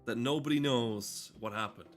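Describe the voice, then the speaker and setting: A man's voice: mid-range voice, normal speed, soft background music. A man giving casual, profane, rambling and cynical commentary while playing a game. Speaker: game streamer.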